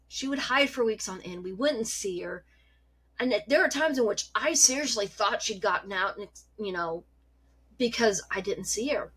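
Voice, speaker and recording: A woman vlogger telling a story about her cat in a chatty, animated way, swearing freely. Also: medium pitch, husky. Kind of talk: casual storytelling.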